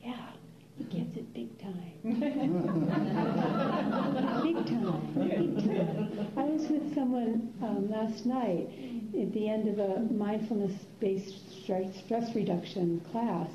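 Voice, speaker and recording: An older woman, a meditation teacher, giving an unhurried, musing dharma talk to a class, with soft laughs and pauses. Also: medium pitch, a loud crowd. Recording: roomy, dull lo-fi room recording.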